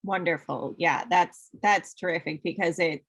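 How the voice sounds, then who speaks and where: A woman hosts a live interview, her voice a touch husky. She sounds upbeat and friendly as she relays viewers' questions from the comments. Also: on the low side, normal speed, a bit bright. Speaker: interview host.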